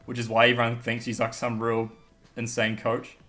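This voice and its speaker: A man's voice: medium pitch, completely flat delivery, moderate pace, a bit bright, faint music behind. Blunt young New man. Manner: blunt, swears, laughs often. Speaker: guest pundit. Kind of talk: casual rugby chat.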